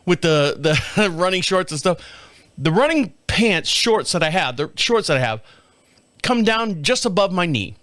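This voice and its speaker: A man's voice: sits high, big pitch swings, moderate pace, fairly bright tone, no room sound. A middle-aged man hosting a casual solo podcast, telling rambling, profane, self-mocking stories and laughing at himself. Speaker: podcast host.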